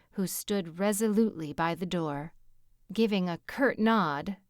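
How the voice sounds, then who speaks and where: A woman narrating an audiobook in a measured, even storytelling manner on a close mic. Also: lowish voice, smooth, no echo. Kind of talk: scripted narration.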